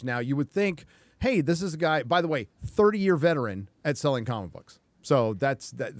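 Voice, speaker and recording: A man's voice: medium pitch, no room sound. Emphatic, rambling stream host man. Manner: emphatic, profane, rambling asides. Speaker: show host. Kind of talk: casual livestream talk.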